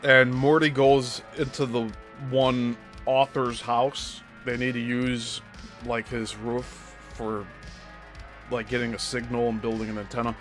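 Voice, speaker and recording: Slow-talking man giving critical commentary. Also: medium pitch, level tone, a bit bright, soft background music. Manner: critical, explanatory. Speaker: host.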